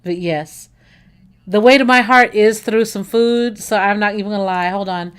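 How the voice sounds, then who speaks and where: A woman's voice: mid-range voice, moderate pace, smooth. Chatty, gushing woman livestream host. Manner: chatty and enthusiastic, gushing over food; rambling, with many fillers and self-corrections. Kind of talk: casual chat with viewers.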